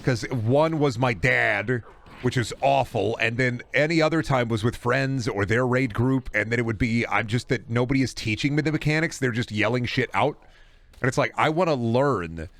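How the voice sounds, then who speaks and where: A man's voice: medium pitch, normal speed, vocal fry, a bit bright. Profane, ranting male game streamer. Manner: profane, heated ranting with frequent swearing; rambling, with restarts and trailing asides. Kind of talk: casual ranting stream chat.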